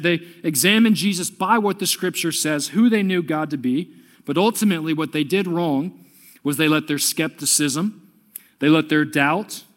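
A preacher delivering an urgent, exhorting sermon, repeating his appeals and swinging between soft and loud passages. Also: a little high. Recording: long hall reverb.

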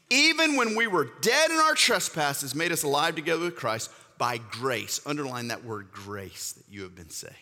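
Male pastor, 40s, bright forceful preacher, slightly high voice, big echoing hall. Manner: emphatic preaching, repetitive rhetorical build-ups. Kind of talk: sermon.

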